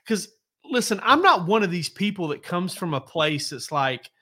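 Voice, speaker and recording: A man tells loose, meandering stories in a casual podcast chat, backing up to fix names and details as he goes. His voice sits a bit high and sounds bright and forceful. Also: sing-song, moderate pace. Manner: rambling, self-correcting, laid-back storyteller. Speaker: sports reporter.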